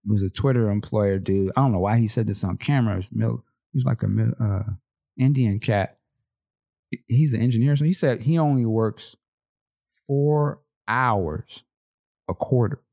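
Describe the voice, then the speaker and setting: Gravelly and dark, his lowish voice moves at a moderate pace as he co-hosts a podcast. He keeps the conversation casual, laid-back and slangy, laughing often and tossing out rhetorical questions.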